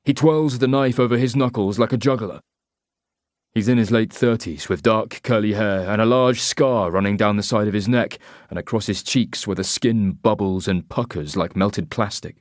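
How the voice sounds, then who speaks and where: A man reading a first-person thriller audiobook in a measured, tense, clipped way. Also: lowish voice, dry recording, studio quality. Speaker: audiobook narrator.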